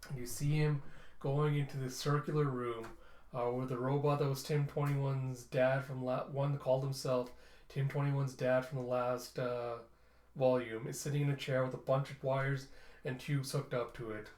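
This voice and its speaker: A man's voice: medium pitch, little pitch movement, normal speed, a little mellow. A man casually narrating a comic book readthrough, restarting and correcting himself. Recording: roomy echo.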